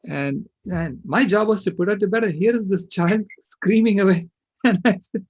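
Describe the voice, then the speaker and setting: An older man on a panel, telling a personal story with animated, emphatic delivery. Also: a little high, moderate pace, breathy edge, dry recording. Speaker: panel speaker.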